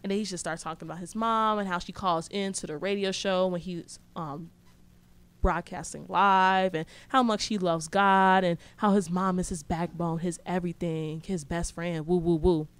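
A woman's voice: fairly low pitch, steady tone, normal speed, smooth. A young woman telling a story in casual, slangy speech, blunt and sarcastic.

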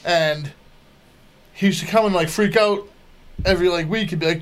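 A man's voice: sits high, moderate pace. A man in casual podcast chat, telling profane stories from working a bar door and acting out the exchanges. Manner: profane storytelling, acts out quoted exchanges. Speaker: podcast co-host; former bar doorman.

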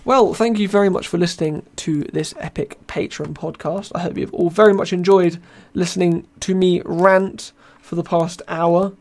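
A man's voice: high voice, steady tone, normal speed, hardly any pauses, a little mellow. A young British man hosting a casual live podcast, rambling and self-mocking, tired with his voice wearing thin. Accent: British English. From Britain. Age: young adult. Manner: rambling, self-mocking, reads chat aloud. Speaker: podcast host.

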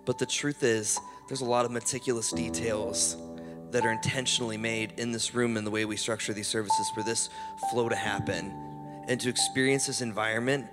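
A man preaching at a church service in a casual, conversational way with many fillers, dropping to a hushed, slow voice when he prays. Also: mid-range voice, fairly even intonation. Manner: softens to a hushed, slow voice in prayer. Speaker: guest preacher. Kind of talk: charismatic church sermon and prayer. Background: instrumental music.

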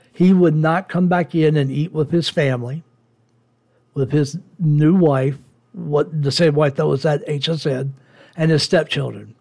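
A man's voice: a little high, a little mellow. A man in his forties hosting a podcast, telling a personal story as a profane, heated rant. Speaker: podcast host.

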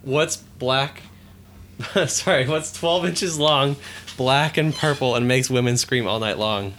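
A man's voice: mid-range voice, takes it slowly, fairly bright tone, slight background noise. A man co-hosting a podcast, joking and laughing often in casual chat. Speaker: podcast co-host.

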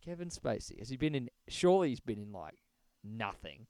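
A man co-hosting a podcast in casual, joking chat, animated and loose with swearing. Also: medium pitch, a little fast, smooth, no room sound. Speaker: podcast co-host.

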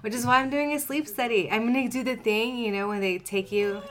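A woman's voice: a little high, brisk, crowd noise. Opinionated woman podcast co-host. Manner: opinionated, animated, acts out mock voices. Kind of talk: casual chat.

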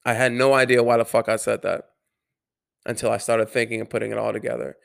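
Guy with a gravelly but smooth voice, rambling earnest story, stops and restarts, swears a bit. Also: mid-range voice, level tone, fast talker. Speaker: vlogger. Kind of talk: casual personal storytelling.

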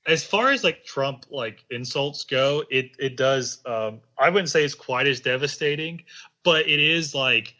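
Bright-voiced rambling young man. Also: medium pitch, measured pace, lo-fi sound. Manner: rambling, heavy on filler "like", profane. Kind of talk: casual political chat.

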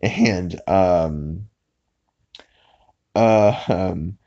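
A man's voice: low-pitched, warm tone, highs cut off. A man hosting a podcast, casually recapping a cartoon episode with lots of fillers and restarts. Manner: rambling, many fillers, quick bursts of cartoon voices when quoting. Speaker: podcast host.

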